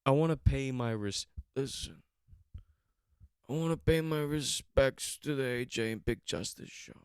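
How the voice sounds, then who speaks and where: Rambling young man with a smooth voice. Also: medium pitch, measured pace, no room sound, clean studio sound. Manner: rambling, repetitive, swears. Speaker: podcast host. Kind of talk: casual chat.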